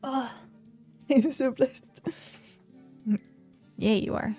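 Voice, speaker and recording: A woman's voice: high-pitched, extremely slow, long pauses, mellow, soft background music. A woman streaming a game, chatting casually, talking to herself and reading chat aloud. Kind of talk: casual live-stream chat while gaming.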